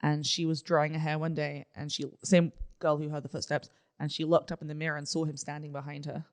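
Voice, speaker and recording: A man's voice: fairly high pitch, little pitch movement, brisk. A young man on a podcast telling a relative's ghost story in a chatty way, with a few restarts and corrections. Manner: chatty, reacts with short "mm-hmm"s, tells family anecdotes with restarts. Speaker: podcast co-host. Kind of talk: casual conversation.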